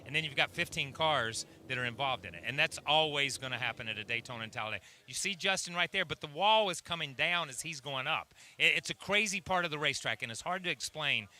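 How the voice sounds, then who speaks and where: A man's voice: on the high side, fast, hardly any pauses. A middle-aged man co-hosting a racing show, explaining emphatically in casual chat. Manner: animated, emphatic explaining with restarts. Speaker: racing analyst co-host.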